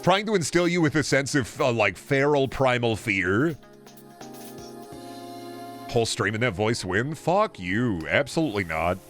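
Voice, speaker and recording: A man's voice: mid-range voice, sing-song, a little slow, a bit bright, soft background music. A man streaming a game, chatting casually in a rambling, profane, jokey way.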